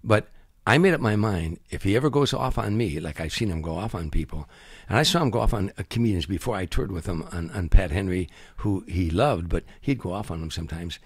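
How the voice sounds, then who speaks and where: Older man, husky storyteller. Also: deep voice, a little fast, few pauses, dry recording. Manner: animated anecdotes, acts out quotes. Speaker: guest comedian. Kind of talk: storytelling interview.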